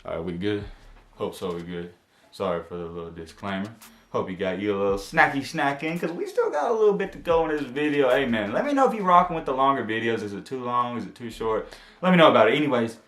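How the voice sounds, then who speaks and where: A young man telling a spooky personal story as a vlogger. He talks in casual slang, going from hushed to loud and excited. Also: on the low side, fast, roomy sound. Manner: animated storytelling, slang-heavy, jumps from hushed to shouting. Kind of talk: story time vlog. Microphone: camera mic.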